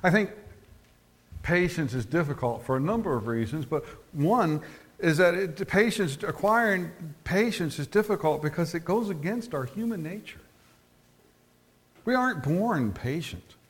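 Man preaching a slow, storytelling sermon. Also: on the high side, animated, slightly rough. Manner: tells stories, often repeats words, slows for emphasis. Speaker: pastor.

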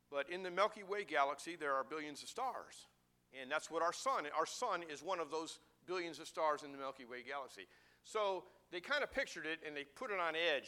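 A middle-aged man preaches a sermon. His voice is bright and somewhat high for a man, and he builds to emphatic, repeated declarations before dropping to soft, hushed asides. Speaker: pastor.

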